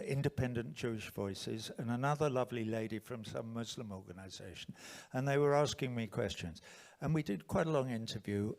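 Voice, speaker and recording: An older English man tells a story to a conference hall in a loose, conversational way. He often doubles back, adds asides and restarts his sentences. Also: medium pitch. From England. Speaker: conference speaker. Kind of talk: storytelling speech.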